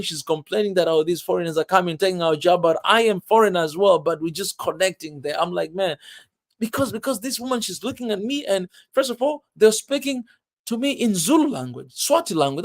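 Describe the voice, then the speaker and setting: Man vlogger with a higher-pitched voice; loose, emphatic, laughing delivery straight to camera. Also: animated, brisk. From Tanzania. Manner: emphatic, keeps saying "man", laughs often. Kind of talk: casual monologue to viewers.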